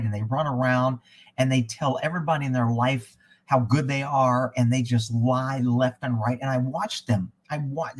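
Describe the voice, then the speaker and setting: A man hosting a live stream, telling a story and ranting in heated, profane casual talk that rambles and breaks off mid-thought. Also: mid-range voice. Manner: rambling, with self-interruptions. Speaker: livestream host.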